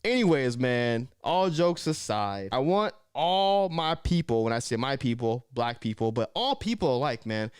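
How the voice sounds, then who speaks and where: A young man from Southern California talking casually to camera, animated and slangy, often saying man and bro. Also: medium pitch, moderate pace, hardly any pauses, clear, resonant tone, dry recording, clean studio sound. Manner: animated, slips into mocking voices. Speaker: vlogger.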